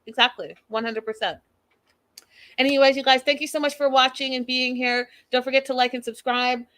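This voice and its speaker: A woman's voice: high-pitched, a little fast, no echo. A young adult woman hosting a show, recapping a reality episode in casual, opinionated talk and acting out quotes. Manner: animated, opinionated, acts out quotes.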